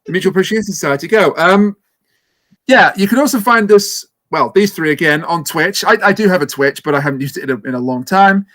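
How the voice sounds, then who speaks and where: A man with a notably high voice hosts a casual podcast chat. He rambles, trips over his own words and slips in dry jokes. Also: animated, a little fast, a bit bright. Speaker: podcast host.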